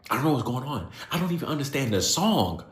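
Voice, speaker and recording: A man in his late twenties, a youth coach, telling a story to camera in an animated, exasperated, slangy way. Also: mid-range voice, fast. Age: late 20s. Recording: roomy echo.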